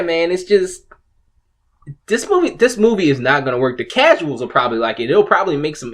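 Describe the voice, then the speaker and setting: Male host, casual rant, mid-range voice, loose and profane, lots of restarts. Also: medium pitch. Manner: rambling, profane, frequent restarts and laughs. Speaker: video host. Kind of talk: casual ranting commentary.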